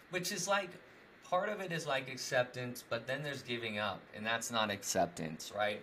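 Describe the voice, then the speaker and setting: Bright young guy rambling on, lots of "like", laughs a lot, bit of hiss behind. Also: medium pitch, expressive, normal speed. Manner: rambling, many "like" fillers, laughs often. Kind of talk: casual chat.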